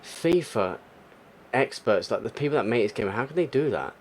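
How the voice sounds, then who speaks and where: A man's voice: mid-range voice, expressive, moderate pace, a little hiss or hum. A young man commentating his football video game play, muttering, then bursting out in frustrated exclamations. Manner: frustrated, exclamatory, swings between muttering and outbursts. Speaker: gaming YouTuber. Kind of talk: live gameplay commentary.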